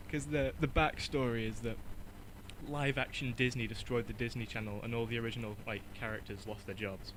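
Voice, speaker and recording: A man's voice: medium pitch, fairly even intonation, fairly quick, a bit bright, a little hiss or hum, poor audio. A man co-hosting a casual podcast, rambling and self-deprecating, laughing at his own jokes. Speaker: podcast co-host and intro guy.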